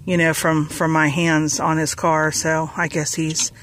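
A woman's voice: sits low, level tone, measured pace, a bit bright, poor audio. A woman rambling casually in a haul vlog, with lots of fillers and restarts, a bit out of breath, outdoors in a parking lot. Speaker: vlogger.

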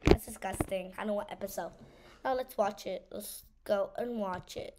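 A woman's voice: mid-range voice, moderate pace, noisy background. A woman giving casual gameplay commentary, teasing and saying "bro" a lot. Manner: teasing, says "bro" a lot, scared outbursts. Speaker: gamer.

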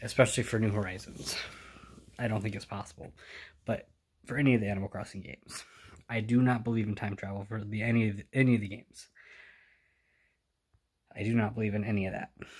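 A man chatting quietly in a casual home vlog, keeping his voice down and sighing now and then. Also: lowish voice, steady tone, fairly quick, long pauses, husky. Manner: hushed and chatty, with sighs. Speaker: vlogger. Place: home indoors.

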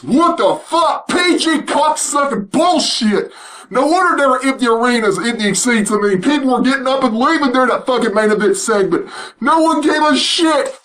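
A man delivering a loud, mocking, profanity-filled rant, laughing as he goes. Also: very high-pitched, rough recording. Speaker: vlogger.

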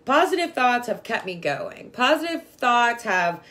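A woman's voice: fairly high pitch, big pitch swings, a little slow, bright, forceful tone. Chatty woman giving a spiritual pep talk. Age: adult with a young daughter. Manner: chatty, full of "like" and "right?", affectionate toward listeners. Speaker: spiritual vlogger. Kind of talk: casual spiritual talk to viewers.

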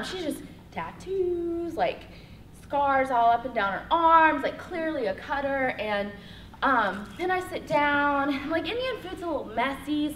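A woman, giving a personal testimony talk at a workshop, animated and laughing, saying "like" a lot. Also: high voice, distant mic, slight background noise. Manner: animated, laughing storyteller, heavy use of "like". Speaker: workshop speaker. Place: college hall. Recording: roomy hall echo.

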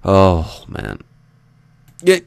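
A young man with a low, gravelly voice talks his way through a building session in an unhurried, rambling way. He mutters counts under his breath, jokes at his own expense and asks his viewers for feedback, with keyboard clicks from his desk. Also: huge pitch swings, a little mellow. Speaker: Minecraft let's play host. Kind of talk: casual gameplay commentary.

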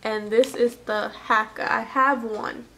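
A woman's voice: fairly high pitch, steady tone, measured pace, creaky, a bit bright, a little hiss or hum. A woman vlogger and new mother talking casually through a product unboxing, chatty and self-deprecating, with fillers like "anywho".

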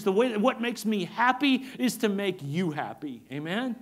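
Man, pastor, high voice, emphatic sermon, repeats phrases, asks for amens. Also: lively intonation, normal speed, few pauses.

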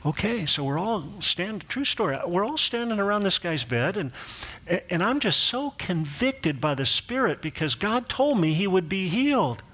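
Man, middle-aged pastor, sermon, animated storyteller, fairly high voice. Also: normal speed. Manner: animated storyteller, acts out quoted voices, laughs at his own jokes.

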